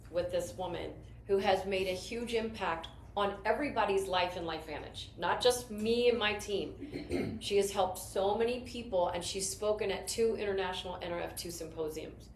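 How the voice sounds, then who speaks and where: Woman, mid-pitch, upbeat rambling storyteller, recorded in an echoey room with faint hiss. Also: moderate pace. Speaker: network marketing team leader. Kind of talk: casual motivational talk. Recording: roomy echo with faint noise.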